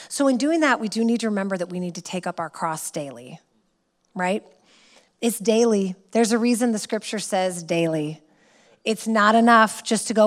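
A middle-aged woman giving a conversational sermon, telling stories in a lively way and laughing now and then. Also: medium pitch, a little fast.

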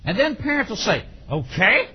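Animated preacher man, muffled sermon recording. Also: high-pitched, moderate pace, husky. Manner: animated, acts out parents and children, bursts into shouts.

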